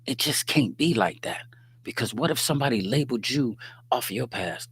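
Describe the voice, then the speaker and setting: A man's voice: medium pitch, expressive, moderate pace, fairly bright tone, breathy edge. A man hosting a faith-based livestream, talking in a loose, preachy way with street slang and joking asides, often checking in with listeners. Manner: conversational and preachy, often asks "you dig what I'm saying". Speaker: livestream host. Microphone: livestream microphone.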